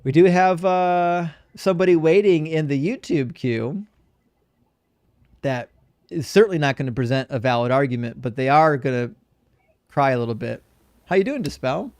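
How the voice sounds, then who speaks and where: A man's voice: fairly high pitch, normal speed, darkish tone, no room sound, clean studio sound. A man hosting a live call-in debate show, blunt and needling with his callers.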